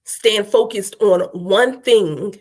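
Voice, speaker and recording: Speaking slowly in a medium-pitched, slightly mellow voice, a middle-aged coach and motivational speaker talks live to her audience. Her delivery is emphatic and sermon-like, full of repeated phrases and "right?" check-ins.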